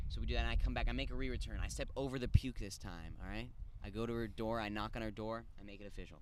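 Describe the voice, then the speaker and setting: A young man co-hosting a podcast, telling a crude story in casual chat, animated and jumping from loud bursts to mumbled asides. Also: medium pitch, racing, hardly any pauses, a little hiss or hum. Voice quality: crude, joking banter. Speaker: podcast co-host.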